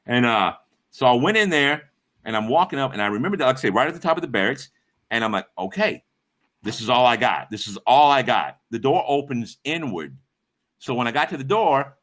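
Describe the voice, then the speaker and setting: A middle-aged man rambles through a story on his livestream, swearing freely and breaking off to greet chat. His voice is bright and forward, swinging widely up and down in pitch. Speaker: livestream host.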